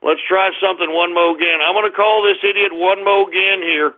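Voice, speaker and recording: A brash male radio host rants and taunts on a call-in show. His voice sits high for a man and comes through a tinny, phone-like line. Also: fairly even intonation. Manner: brash, confrontational, drawn-out taunts.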